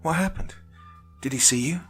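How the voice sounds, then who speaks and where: A man's voice: normal speed, a bit bright, faint music behind, close to an everyday voice. Man doing a squealing young girl. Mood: anxious. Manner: high-pitched and squealing. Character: excited young girl trick-or-treating in werewolf mask.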